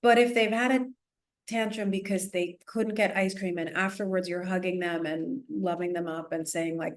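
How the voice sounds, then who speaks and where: A woman speaking as a parenting expert guest in a casual podcast interview, animated and chatty, with frequent restarts, fillers and little laughs. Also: fairly low pitch, moderate pace. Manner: laughs often while explaining.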